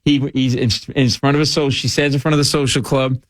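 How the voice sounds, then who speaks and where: Middle-aged man from Rhode Island, guest comic spinning loose, rambling stories, mid-pitched voice, dry close sound. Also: fast, no room sound. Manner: rambling, animated, full of "like" and asides. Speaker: guest comedian. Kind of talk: comic storytelling in casual chat.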